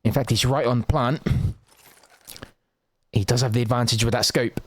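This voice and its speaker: A man giving quick, excitable live play-by-play as a game shoutcaster, with casual asides to his viewers. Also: medium pitch. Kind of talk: live esports commentary.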